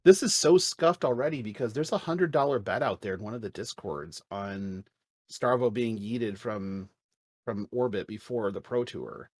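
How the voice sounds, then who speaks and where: A man co-hosting a casual podcast chat, talking in an animated, joking way with some swearing. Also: on the low side, moderate pace, slightly rough, dry recording. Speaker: podcast co-host.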